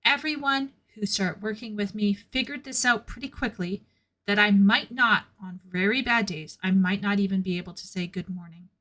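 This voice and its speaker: A woman's voice: medium pitch, moderate pace, a bit bright. A woman streaming and chatting casually with her viewers, blunt and candid, often laughing at her own remarks. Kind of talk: casual chat with a live chat.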